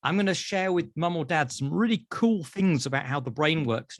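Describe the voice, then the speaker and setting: A British man, a therapist, telling animated stories in an interview and acting out voices. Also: a little high, moderate pace, dry recording, studio quality. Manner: acts out voices in anecdotes. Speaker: therapist guest.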